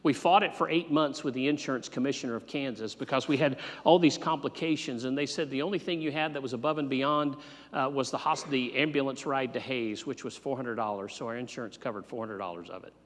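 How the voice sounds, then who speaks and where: Man preaching in a reverberant hall. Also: fairly quick. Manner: storytelling, swings from loud animated bursts to quiet low asides. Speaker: pastor. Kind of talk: sermon with personal story. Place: church sanctuary.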